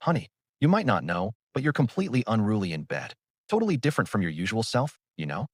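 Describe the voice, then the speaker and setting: A man's voice: fairly low pitch, wildly swooping pitch, fast, husky, no room sound, studio quality, exaggerated voice. Teasing young woman, voiced by a man. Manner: sweet and playful.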